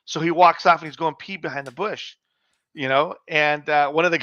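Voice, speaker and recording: A man's voice: on the high side, quick pace, pushed and bright, dry recording, muffled recording. Laid-back middle-aged man telling stories. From Mexican heritage. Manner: laid-back storyteller, swears freely, says "man" and "dog". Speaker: podcast co-host. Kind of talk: casual podcast chat.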